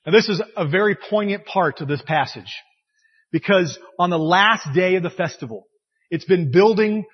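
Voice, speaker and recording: A man preaches in a church, his husky voice ringing out in a big hall with a long echo. He speaks high and with very lively pitch, acting out the voices he quotes. The recording sounds dull and lo-fi. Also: moderate pace. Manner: expressive, acts out quoted voices. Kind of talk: sermon with scripture reading.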